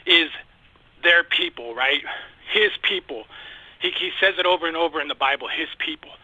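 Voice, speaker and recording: A man's voice: fairly high pitch, sharp tone, no echo, muffled recording. A man speaking as a guest in a casual podcast discussion, passionate and emphatic, often repeating himself.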